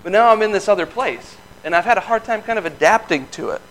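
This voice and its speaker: A man in his thirties shares a personal testimony like a casual sermon. He talks in a folksy, earnest way and breaks into easy laughs, with his voice sitting a little higher than most men's. A faint hum runs under the recording. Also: animated, fast, a bit bright, low-quality recording. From Michigan. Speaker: lay speaker giving testimony.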